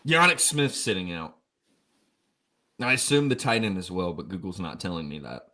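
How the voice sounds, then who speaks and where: Bright-toned hungover man talking football. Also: deep voice, expressive, moderate pace. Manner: joking, rambling, self-mocking. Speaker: co-host of a college football show. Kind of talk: casual sports chat.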